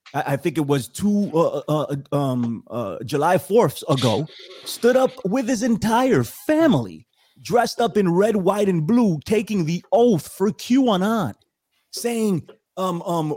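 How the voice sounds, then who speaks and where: Male stream host, a bit high-pitched, heated rant, lots of stammering restarts. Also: darkish tone, dry recording, clean studio sound. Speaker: show host. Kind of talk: casual livestream panel talk.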